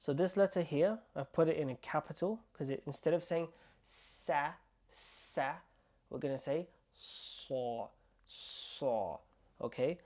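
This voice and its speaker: A man teaching an online language lesson, slowly repeating words and sounds for the learner to copy. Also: fairly high pitch, warm tone. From United Kingdom. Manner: slow, repeating words and sounds to drill pronunciation. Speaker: Arabic teacher.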